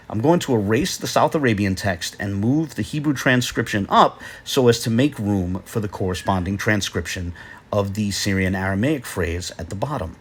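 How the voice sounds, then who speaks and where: Male lecturer-narrator, measured and explanatory, breathy lower voice, hesitant fillers. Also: a bit bright. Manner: measured, explanatory, with frequent "uh" pauses. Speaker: video lecturer.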